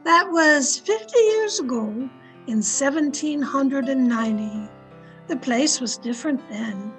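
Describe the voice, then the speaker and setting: A woman's voice: sits high, lively intonation, a little slow, fairly bright tone, soft background music, rough recording. A woman playing a loyal, deferential housekeeper who narrates the story in an old-time radio drama. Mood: narrating. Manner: polite, deferential. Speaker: narrator and servant. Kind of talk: 1930s-style radio drama acting.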